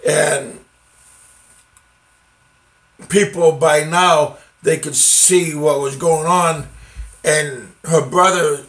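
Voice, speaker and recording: A middle-aged man from the United States telling a personal story in a casual, halting way, with many fillers and restarts. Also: on the high side, fairly even intonation, fairly bright tone.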